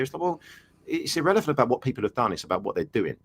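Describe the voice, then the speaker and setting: A man's voice: medium pitch, sing-song, rapid-fire, a little hiss or hum. A man from Chelmsford co-hosting a football podcast, laughing often and teasing his friends. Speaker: podcast co-host. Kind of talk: casual football banter.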